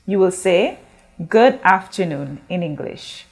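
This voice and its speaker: A woman teacher from Guyana leads a recorded school lesson at an unhurried pace. She speaks patiently, drawing out words and pausing for her class to repeat, and asks questions as she goes. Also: fairly low pitch, animated. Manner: slow, drawn-out modeling of words for repetition. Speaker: Spanish teacher.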